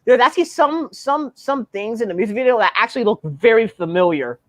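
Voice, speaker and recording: A man's voice: very high voice, expressive, brisk, no room sound. A man hosting a livestream in casual chat, eager and repeating himself often. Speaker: livestream host.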